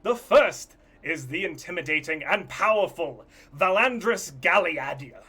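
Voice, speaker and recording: A man voicing a flamboyant male half-elf showman who hosts a stage contest, announcing in a loud, grandiose way. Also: on the high side, lively intonation, unhurried, husky, pitched above the performer's own voice, exaggerated voice.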